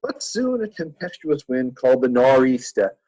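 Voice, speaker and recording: A man reading aloud in an exaggerated South Boston accent, husky and dramatic. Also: mid-range voice, sing-song, normal speed, warm tone, voice pushed up, poor audio.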